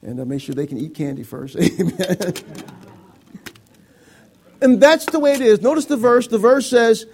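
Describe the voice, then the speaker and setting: Gravelly high-voiced preacher. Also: male voice, moderate pace, long pauses, darkish tone, slight background noise. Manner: playful, acts out voices of reluctant givers. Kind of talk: sermon with a live object lesson.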